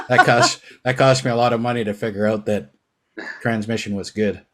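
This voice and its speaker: Man, lowish voice, relaxed, casual podcast host. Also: normal speed, long pauses. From Canada. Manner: relaxed, recounts personal stories. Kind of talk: casual chat.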